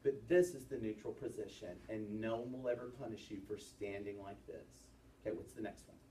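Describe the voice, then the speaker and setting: Teacher lecturing in a roomy classroom. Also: male voice, on the low side. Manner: lively, quizzing students with quick questions. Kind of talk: classroom lesson on presentation gestures. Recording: roomy classroom sound from a distant mic, faint ambience.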